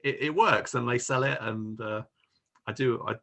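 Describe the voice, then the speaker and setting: A man's voice: mid-range voice, moderate pace, creaky, sharp tone. A man co-hosting a film podcast, chatting casually and rambling with many restarts. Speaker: podcast co-host. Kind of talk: casual film review chat.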